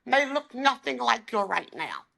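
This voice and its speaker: A woman in her forties, a life coach, talking openly and with deep faith, emphatic and heartfelt, at times holding back tears. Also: big pitch swings, measured pace, gravelly, a bit bright. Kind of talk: candid faith-filled interview talk.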